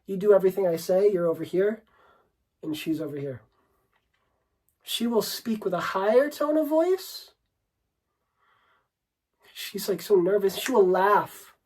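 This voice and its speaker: A man's voice: high-pitched, lively intonation, unhurried, long pauses, darkish tone, low-quality recording. A man coaching on dating, talking unscripted to the camera in a brash, swearing, rambling way, and calling the listener bro and dude.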